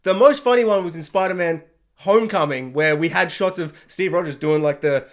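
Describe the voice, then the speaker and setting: A man with a high-pitched voice rambles through an excited film review. He talks in rapid bursts and keeps slipping into goofy voices.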